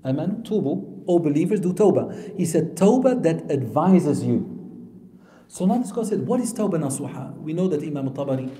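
A man preaching a sermon who swings between loud, emphatic lines and soft, low asides, often asking the audience questions and answering them himself. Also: animated, a little fast. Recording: echoey hall with long reverb.

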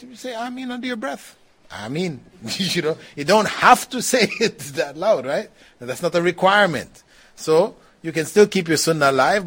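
A male Islamic teacher lecturing a small class in an easy, chatty way. His voice sits a little higher than most men's, and he laughs lightly and often says "you know" as he explains. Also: a bit bright. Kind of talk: religious lecture with questions.

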